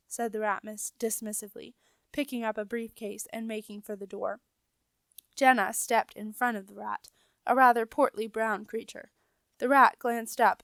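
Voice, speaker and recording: A woman's voice: a little high, a bit bright, no room sound. Woman reading a storybook aloud. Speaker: audiobook reader. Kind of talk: storybook narration.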